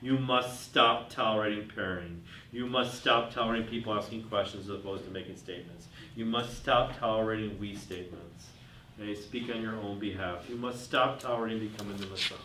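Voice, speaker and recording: A man's voice: lowish voice, fairly quick, sharp tone. A man giving a workshop talk to an audience, telling anecdotes and putting questions to the room. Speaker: business speaker. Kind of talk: workshop talk with told stories. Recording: roomy, far from the mic, faint noise.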